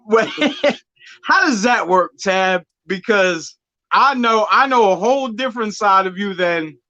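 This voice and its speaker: A man's voice: high-pitched, expressive, unhurried, pushed and bright, muffled recording. A man hosting a podcast, asking questions in an upbeat way and laughing often. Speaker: podcast host. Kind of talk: casual podcast chat.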